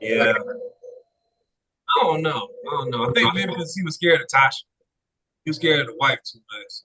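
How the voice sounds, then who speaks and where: A man co-hosting a casual talk podcast, relaxed and agreeable as he chimes in. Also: mid-range voice, brisk, slight background noise, rough recording. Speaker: podcast co-host. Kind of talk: casual chat.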